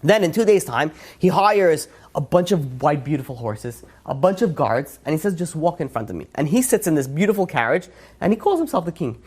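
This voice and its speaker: A man's voice: fairly high pitch, very animated, a little fast, a little mellow, breathy edge. Man, rabbi, religious lecture, emphatic, rhetorical questions, frequent restarts. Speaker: rabbi teaching a weekly class.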